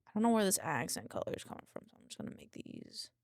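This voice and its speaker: A young woman rambles and giggles through a casual live stream, greeting viewers and muttering to herself as she designs. Her voice swings widely in pitch and carries a gravelly fry. The sound is dry and close. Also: very animated, rapid-fire, darkish tone, no room sound. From English-speaking. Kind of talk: casual live-stream chat while working.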